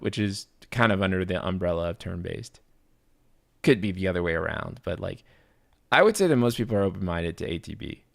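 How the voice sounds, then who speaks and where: Male streamer with a lowish voice, casual and loose, rambling with frequent restarts. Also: creaky. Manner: rambling, restarts often, fillers and stutters; casual, swears, talks to chat. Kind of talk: live stream chat.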